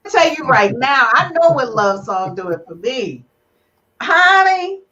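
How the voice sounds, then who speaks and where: A woman hosts a relationship podcast with a slightly high voice. She teases her guests and gets emotional. The audio is dull and lo-fi, like a live stream. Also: measured pace. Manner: animated, teasing, emotional. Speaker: podcast host. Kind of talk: lively relationship podcast chat.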